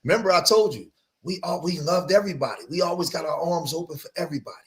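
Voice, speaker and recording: A man's voice: on the high side, fast. A man hosting a livestream, reacting to clips in emphatic commentary and repeating phrases for emphasis.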